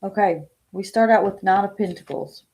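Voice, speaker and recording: A woman's voice: medium pitch, normal speed, gravelly, a little mellow, breathy edge. A woman reading tarot cards on a casual live stream, chatting with viewers by name and thinking aloud as she lays out the cards. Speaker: tarot reader.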